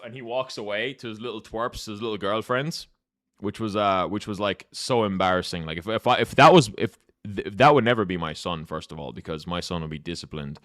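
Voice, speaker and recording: A man's voice: fairly low pitch, brisk, a bit bright, no echo, clean studio sound. A young man live-streaming chess, ranting profanely at his chat and telling a story in between.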